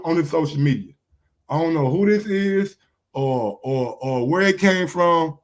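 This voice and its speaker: A man's voice: a little high, lively intonation, unhurried. A man hosting a sports channel, talking casually in a rambling, profane, trash-talking way. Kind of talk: casual livestream commentary.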